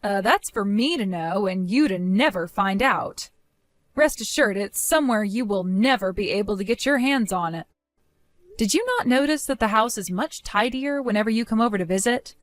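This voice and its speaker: A woman playing a firm, measured young wife-to-be. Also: mid-range voice, natural voice. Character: calm young woman defending her savings. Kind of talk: voiced story drama.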